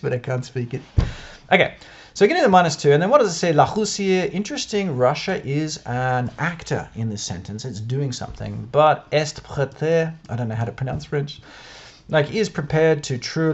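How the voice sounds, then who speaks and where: Australian man, casual video commentary, animated delivery, muffled lo-fi sound. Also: medium pitch. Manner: chatty and self-doubting, laughs often. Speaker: video creator analysing newspapers. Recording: dull lo-fi sound.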